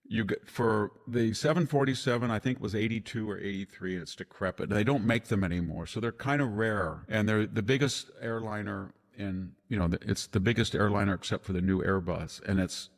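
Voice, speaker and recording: Deep-voiced older man, rambling. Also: brisk, hardly any pauses, long reverb tail. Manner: rambling, discursive, many restarts. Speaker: historian guest. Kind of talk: casual conversation.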